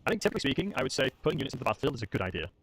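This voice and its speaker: A man's voice: medium pitch, very animated, racing, a bit bright, dry recording. A young man streaming a strategy game match, chatting casually and joking at his own expense. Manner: chatty, joking, self-mocking. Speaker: streamer playing a tournament match. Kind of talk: casual live-stream chat while gaming.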